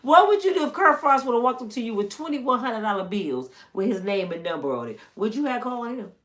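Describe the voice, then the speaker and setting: A woman's voice: on the high side, sing-song, brisk, fairly bright tone. A middle-aged woman from the United States chatting casually and teasingly as a channel host, drawling and chatty. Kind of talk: casual gossip commentary.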